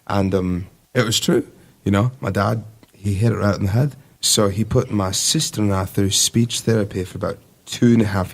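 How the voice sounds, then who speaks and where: A man's voice: sits low, a little mellow. A man in his twenties, a navy sailor telling stories as a guest in a casual podcast conversation, rambling and easygoing with lots of fillers. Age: 20s.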